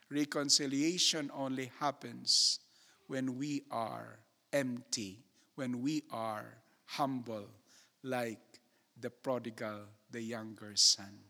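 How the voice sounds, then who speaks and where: A man preaching a sermon, slow and emphatic, putting rhetorical questions to his congregation. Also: mid-range voice, pushed and bright. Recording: long hall reverb.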